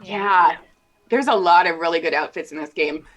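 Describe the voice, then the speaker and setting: A woman game developer chatting casually during a gameplay stream, upbeat and quick to laugh. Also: on the low side. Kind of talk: casual chat over gameplay.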